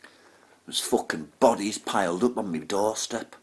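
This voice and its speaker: A man's voice: lowish voice, measured pace. A man telling a profane comic story, with chatty asides and laughter. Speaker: comedian.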